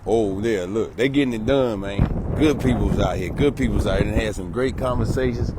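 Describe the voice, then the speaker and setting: A man's voice: on the low side, normal speed, heavy background noise. Hyped man streaming live outdoors. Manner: hyped, repetitive shout-outs and slogans. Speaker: solar sales promoter. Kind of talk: live outdoor promo vlog.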